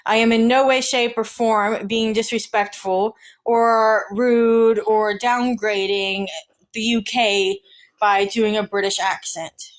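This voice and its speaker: A woman's voice: a little high, little pitch movement, slow. A woman with a Southern US accent, chatting casually and defensively, a bit stuffy from draining sinuses. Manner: chatty and defensive, rambling with fillers. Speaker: streamer reading and answering posts. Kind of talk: casual chat, reading posts aloud.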